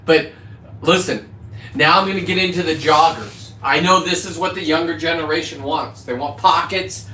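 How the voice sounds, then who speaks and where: A middle-aged man talking casually on his livestream, rambling from topic to topic in a loud, profane, boisterous way. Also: on the high side, moderate pace, reverberant, slight background noise. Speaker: livestreaming content creator.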